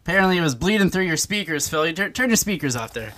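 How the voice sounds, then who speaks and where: Male podcast host, high pitch, bright tone, chatty and rambling, restarts a lot. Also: animated, fast talker. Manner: rambling, self-interrupting, laughing. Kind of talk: casual comedy podcast chat.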